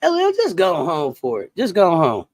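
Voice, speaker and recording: A woman hosting a casual sports talk livestream, animated and chatty, greeting viewers and reacting to chat comments. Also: lowish voice, normal speed, no room sound. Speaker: sports talk show host.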